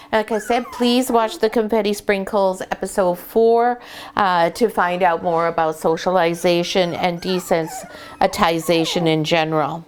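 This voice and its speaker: A woman dog breeder giving puppy-training advice and weighing puppies in a casual vlog, dropping into a soft coaxing voice with the pups. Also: mid-range voice, a little hiss or hum. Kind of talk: instructional vlog, talking to puppies. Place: sitting in a whelping box with puppies.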